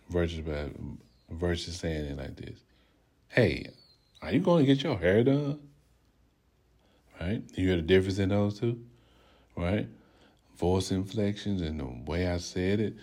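A middle-aged man delivers a podcast sermon in an extremely low, deep voice. He talks emphatically, often checks in with "right?", and leads his listeners through lines to repeat after him. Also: mellow. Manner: emphatic, often asks "right?", leads call-and-response affirmations. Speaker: podcast host and preacher. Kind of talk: sermon-style podcast talk.

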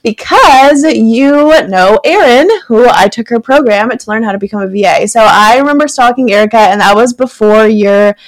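A bubbly woman hosts a podcast, giggling often and quick to agree with her guest. Her voice sits somewhat high for a woman. She chats casually into her own microphone on a remote call. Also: dry recording, poor audio. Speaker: podcast host. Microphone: new microphone on a remote call.

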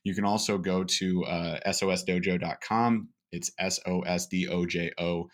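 A man with a fairly low voice co-hosts a sales training podcast. He chats casually and energetically, rolling through points with fillers and asides. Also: steady tone, moderate pace. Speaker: podcast co-host, sales coach.

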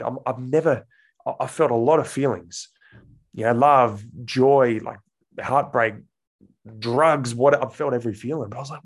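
A man in his twenties with an Australian accent, telling his story as a guest in a casual interview, relaxed and full of fillers. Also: mid-range voice, normal speed, gravelly, husky. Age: 20s. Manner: relaxed, acts out quoted voices, frequent fillers. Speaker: guest, actor.

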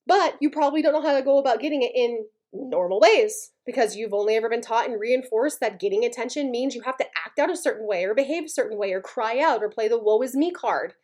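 A woman hosting a motivational podcast, talking bluntly and with heated emphasis, and often checking in with "okay?" and "right?". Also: on the high side. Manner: gets worked up, speaks with heated intensity. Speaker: podcast host.

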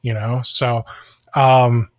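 Drawing out his words in a medium-pitched voice, this Ohio podcast host jokes around animatedly and laughs often in casual chat. The recording is clean studio audio with no room sound.

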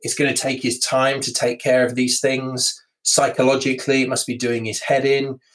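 A man hosting a solo podcast, talking in a relaxed, chatty way with fillers and restarts. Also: medium pitch, normal speed, rough recording. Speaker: podcast host. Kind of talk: casual solo podcast talk.

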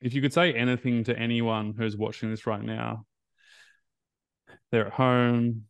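A man's voice: medium pitch, flat delivery, unhurried, creaky, smooth, no echo. A man hosting a casual interview as a recovery coach, affirming and encouraging his guest.

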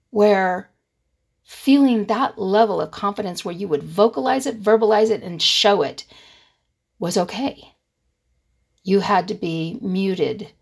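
A woman's voice: mid-range voice, breathy edge. An older woman talking earnestly and emphatically about not apologizing, telling personal stories as a vlogger. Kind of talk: personal advice talk.

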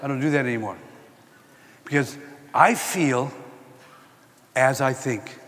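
An older man giving a sermon-style talk, telling personal stories and quoting scripture in an animated way. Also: medium pitch, slow, big-room sound. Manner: animated storytelling, quoting scripture and acting out exchanges. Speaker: Christian speaker.

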